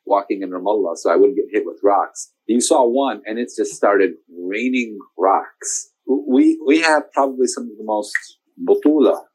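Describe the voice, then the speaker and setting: A man's voice: fairly low pitch, normal speed, breathy edge, rough recording. A man in his forties, an interview guest telling a long personal story in a casual way, acting out what other people said and laughing often. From United States. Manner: animated, quotes others in lively voices, laughs often.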